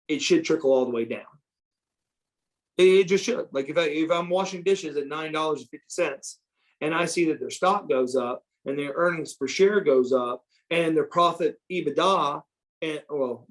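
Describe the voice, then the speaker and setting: A middle-aged man with a slightly higher voice than most men tells backstage stories in a loose, casual interview. He is animated and swears freely, slipping into other people's voices as he quotes them. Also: poor audio. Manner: animated, profane, acts out quoted dialogue. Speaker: interview guest, former pro wrestler. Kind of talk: casual storytelling.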